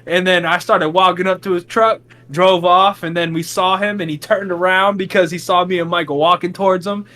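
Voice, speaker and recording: Speaking fairly quickly, a young podcast co-host spins a lengthy story in a casual setting. He performs each quote with lively, dramatic leaps in his voice.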